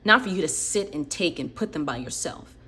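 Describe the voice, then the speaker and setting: A woman's voice: sits low, expressive, a little fast, sharp tone. A woman quoting her controlling middle-aged mother in an accusing, repetitive way, in nearly her own voice. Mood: scolding.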